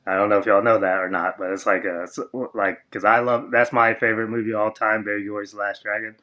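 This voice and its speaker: A man, a former wrestler, telling a long story as a podcast guest, with lots of fillers, and he jumps high and loud when he quotes other people. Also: level tone, fast talker, dull audio. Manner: rambling, filler-heavy, acts out quoted voices high and loud. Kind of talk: casual storytelling interview.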